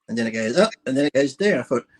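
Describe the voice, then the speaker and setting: Husky man telling crude stories. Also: mid-range voice, animated, fast talker. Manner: laughs through his stories. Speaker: guest. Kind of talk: crude casual chat with storytelling.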